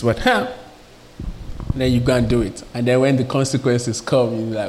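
A man preaching a sermon in a lively, conversational way, asking his listeners questions and acting out little everyday scenes. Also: mid-range voice, normal speed, long pauses, a little hiss or hum. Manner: acts out little scenes with quoted voices.

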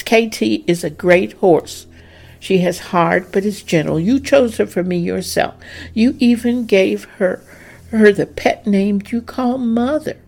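An emotional, spirited young daughter of a plantation owner, pleading and lively in a storybook reading, as a woman narrator puts her on. Her voice keeps a gravelly edge under the brightness. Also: lowish voice.

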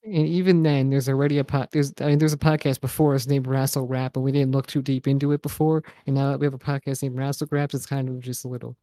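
A man's voice: mid-range voice, flat delivery, quick pace, hardly any pauses, mellow, no room sound. A young man co-hosting a podcast, joking around in casual chat, swearing and laughing often. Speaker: podcast co-host.

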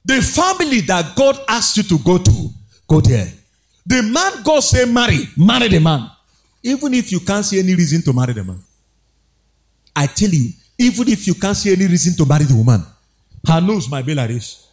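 A man's voice: high-pitched, sing-song, normal speed. A man preaching a sermon, exhorting with rhetorical questions, repeated phrases and a sing-song emphasis.

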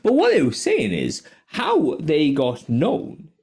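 A podcast host speaks slowly in a gravelly, slightly rough voice that sits a little high. Chatting informally, he tells spirited stories laced with heavy swearing and keeps laughing.

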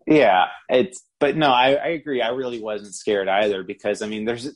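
A man's voice: mid-range voice, steady tone, normal speed. A man co-hosting a podcast, chatting casually about a film in a rambling way and often laughing as he talks. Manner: rambling, laughs while talking. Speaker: podcast co-host. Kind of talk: casual movie review chat.

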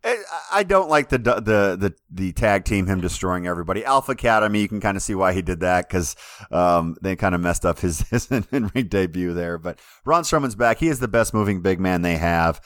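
A low-pitched man co-hosting a wrestling podcast in an easygoing, hesitant way, with plenty of uhs. He comes through a dry, close remote call mic. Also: lively intonation, brisk, fairly bright tone, no room sound. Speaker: podcast co-host. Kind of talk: casual wrestling chat.

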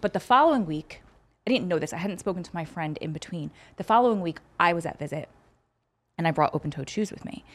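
A woman co-hosting a podcast, chatting casually and telling lively stories that wander into tangents. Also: on the low side. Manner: animated storytelling, quick tangents. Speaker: podcast co-host. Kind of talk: casual chat.

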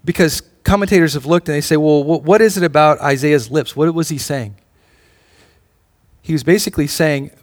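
Male pastor, higher voice, casual sermon delivery with restarts and rising intensity. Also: normal speed. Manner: conversational preaching with frequent restarts, rising in intensity.

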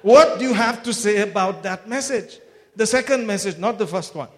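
A man preaching a sermon in an animated way, swinging from loud exclamations to hushed retelling, often laughing between phrases. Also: high-pitched, moderate pace. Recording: echoey hall.

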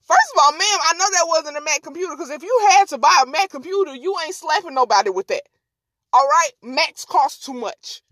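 A woman podcast host telling a story in an animated, slangy, casual way and laughing often. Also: high voice, a little fast, no echo.

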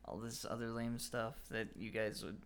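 A man's voice: lowish voice, level tone, normal speed. An eighteen-year-old man chatting casually, hesitant and mumbly with lots of fillers. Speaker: guest, aspiring voice actor. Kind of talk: casual chat.

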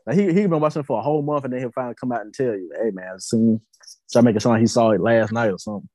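A man's voice: medium pitch, rapid-fire, darkish tone, dry recording. A man on a podcast in casual chat, dropping blunt one-liners with some hesitant fillers. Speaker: podcast guest.

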